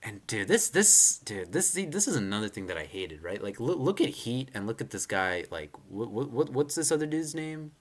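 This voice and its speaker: A man's voice: medium pitch, normal speed, hardly any pauses. Rambling young man ranting about manga. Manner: rambling, heavy use of "like" and "you know", frequent restarts; animated and opinionated, swearing. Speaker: manga reaction streamer. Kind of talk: casual live reaction rant.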